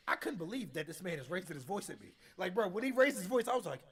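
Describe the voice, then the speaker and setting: A male streamer telling a story in casual chat, loud and laughing, often breaking into shouts. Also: sits high, very animated, brisk.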